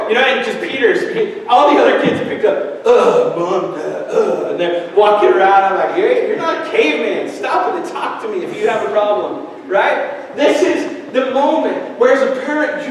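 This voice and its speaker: Pastor guy with a high voice preaching, chatty, lots of questions to the crowd, sounds far off in a big echoey church. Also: slight background noise. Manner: conversational and animated, asking the congregation questions. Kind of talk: sermon. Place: church sanctuary.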